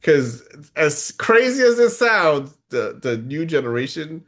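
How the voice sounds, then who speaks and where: Slow-talking man with lively intonation. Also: on the high side. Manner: quiet listener giving back-channel hums and laughs. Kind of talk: casual chat.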